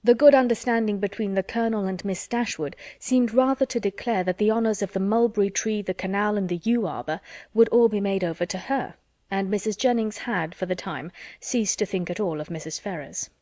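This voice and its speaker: A woman narrating a classic novel as an audiobook in a measured, even reading. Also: mid-range voice, dry recording, clean studio sound.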